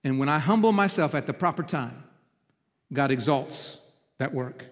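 High-voiced pastor preaching in a hall. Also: male voice, animated, normal speed. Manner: personal storytelling, swings from loud and urgent to hushed. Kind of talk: sermon. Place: church hall.

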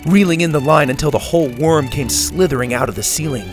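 Guy reading a kids story out loud, gravelly voice, quiet music underneath. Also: a little high, fast. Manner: even expressive read-aloud. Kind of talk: storybook narration.

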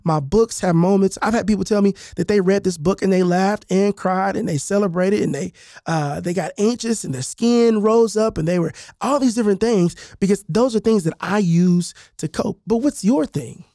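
A man hosting a podcast, telling personal stories in a loose, animated way with lots of fillers and restarts, speaking close to the mic. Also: high voice, moderate pace, no echo. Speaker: podcast host and author. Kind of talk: casual storytelling monologue.

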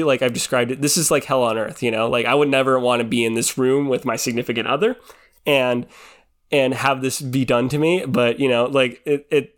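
A man's voice: mid-range voice, fairly bright tone. Chatty young man rambling with laughs. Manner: chatty, rambling, heavy on filler words like "like" and "you know"; laughs often while talking. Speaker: reality TV recap vlogger. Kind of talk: casual chat.

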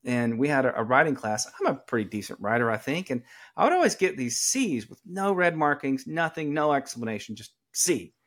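A man's voice: medium pitch, fairly quick. A middle-aged man from Atlanta with a Southern accent, telling stories in a conversational podcast interview and acting out the people he quotes. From Atlanta, Georgia, US. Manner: animated storyteller who acts out quoted people. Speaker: attorney, podcast guest. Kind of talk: conversational storytelling.

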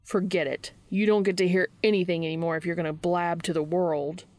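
A woman's voice: lowish voice, steady tone, fairly quick, darkish tone, no echo, close to an everyday voice. Woman reading a sarcastic geeky young guy. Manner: sarcastic, dry delivery. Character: sarcastic, geeky young man, playfully blunt.

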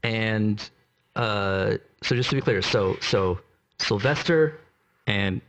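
Lively-voiced man recapping a plot. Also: lowish voice, slow, slight background noise. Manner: recaps the plot with many fillers. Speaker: podcast co-host. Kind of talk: casual chat.

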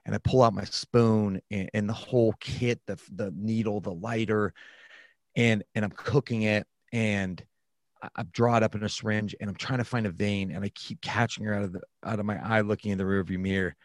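A man with a low, grounded voice tells a candid personal story in a sit-down conversation. He sounds reflective and unpolished and often starts his sentences over. The recording is close and dry, with no room sound. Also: steady tone, fairly quick, no echo. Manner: frank and reflective, with frequent restarts.

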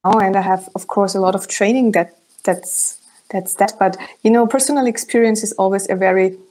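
A woman with a German accent speaks English as a guest therapist, measured and thoughtful. Her pitch sits in the middle of the usual range. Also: fairly even intonation, a little mellow. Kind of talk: interview conversation.

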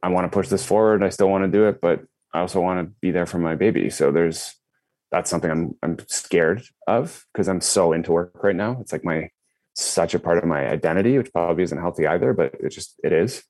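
A man's voice: deep voice, a little fast, no room sound. A man in his thirties, a podcast guest, talking casually with lots of fillers and restarts. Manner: animated, many fillers and restarts. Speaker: podcast guest, breathwork company co-founder. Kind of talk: casual storytelling.

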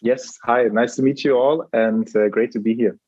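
A man's voice: medium pitch, fairly even intonation, moderate pace, warm tone, breathy edge, dry recording. A German man, a native German speaker, answering as a startup guest with frequent hesitant ums. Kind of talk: interview answers. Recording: dull, dry lo-fi line.

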